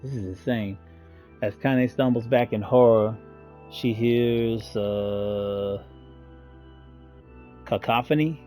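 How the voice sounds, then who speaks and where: Low mellow-voiced gaming host. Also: male voice, steady tone, slow pace, soft background music. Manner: reads aloud, breaks off to joke and laugh. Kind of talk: reading game text with casual commentary.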